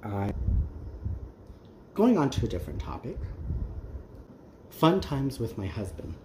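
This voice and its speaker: A man's voice: medium pitch, wildly swooping pitch, unhurried, mellow. Rambling man in an echoey room. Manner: rambling and candid, with many ums and restarts. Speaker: craft channel host. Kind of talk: casual chat while crafting. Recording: roomy echo, faint background noise.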